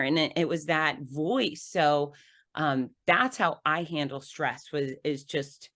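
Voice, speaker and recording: Low-voiced woman telling a lively story. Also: takes it slowly. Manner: animated storyteller who acts out scenes with laughs. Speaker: podcast guest. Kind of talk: conversational storytelling.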